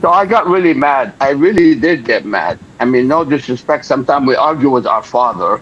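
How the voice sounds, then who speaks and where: A slightly rough, mid-range voice belongs to an older man from Lebanon, talking fairly quickly as an interview guest. His story is animated, with him acting out its characters' voices. The recording is dull and lo-fi.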